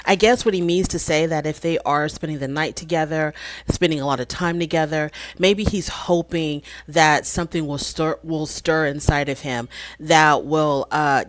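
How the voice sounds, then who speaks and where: Woman with a lowish voice doing a chatty reality tv recap, dry close mic, lots of um and you know. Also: no room sound. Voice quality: frequent fillers and restarts, rhetorical questions. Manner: chatty and conversational, retelling scenes with quoted voices. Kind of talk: casual commentary recap.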